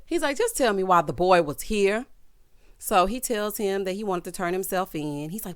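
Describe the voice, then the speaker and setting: A woman's voice: medium pitch, sing-song, normal speed. A woman recapping a TV drama in casual, sassy commentary, acting out the characters' lines in a Southern-tinged style. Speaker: TV recap host.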